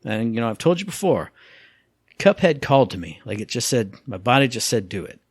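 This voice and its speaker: A man co-hosting a casual gaming podcast, telling stories with lively acted-out quotes and sound effects. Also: mid-range voice, a little fast, breathy edge, no room sound, studio quality. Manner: animated storyteller, acts out quotes and sound effects. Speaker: podcast co-host.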